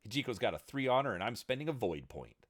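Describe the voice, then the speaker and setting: A man's voice: mid-range voice, big pitch swings, fast talker, pitched above the performer's own voice. A man voicing an eager, cocky young woman playing a tabletop game.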